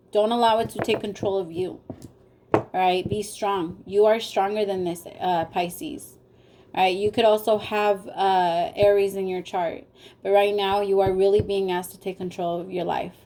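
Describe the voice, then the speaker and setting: Woman tarot reader, mellow warm tone, emotional and direct with viewers. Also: medium pitch, steady tone, moderate pace, slight background noise. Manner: emotional, talks straight to viewers. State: tearful. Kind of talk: casual spoken tarot reading.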